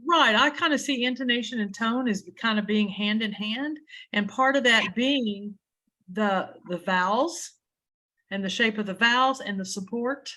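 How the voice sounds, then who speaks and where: A woman's voice: a little high, a little slow, bright, forceful tone. Woman leading a video-call training. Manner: conversational, restarts and fillers while explaining. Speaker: adjudication trainer.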